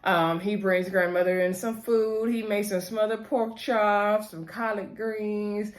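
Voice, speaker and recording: Woman reviewer, casual episode recap, chatty and quick to laugh. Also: medium pitch, steady tone. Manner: chatty, retells scenes quoting characters, laughs often.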